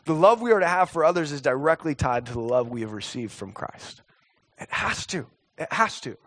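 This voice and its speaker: Man, thirties, pastor preaching; earnest, repetitive emphasis, a touch high-pitched. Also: expressive, fairly bright tone. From United States. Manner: earnest, building to emphatic repetitions, with drawn-out pauses. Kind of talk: sermon.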